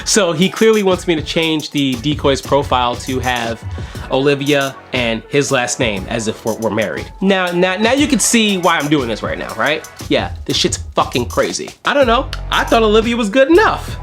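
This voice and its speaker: A casual vlogger's voice that swoops up and down in pitch, sarcastic and exasperated, with frequent swearing. Faint music plays underneath. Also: big pitch swings, normal speed, a bit bright. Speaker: online decoy narrating chat logs. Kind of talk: casual commentary.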